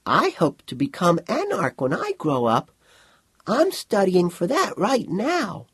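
A man's voice: sits high, huge pitch swings, unhurried, fairly bright tone, breathy edge, dry recording, clean studio sound, pitched above the performer's own voice, heavily acted. A man doing a sullen little boy ruler. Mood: sullen childish. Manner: sullen, muttering.

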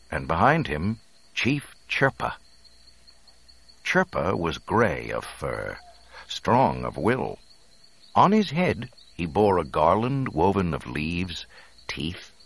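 A man narrating a storybook in an expressive, dramatic reading. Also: low-pitched, husky.

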